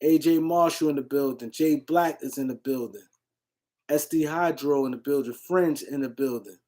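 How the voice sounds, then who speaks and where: A man hosting a casual sports livestream, answering comments and shouting out viewers in the chat. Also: medium pitch, moderate pace. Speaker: livestream host.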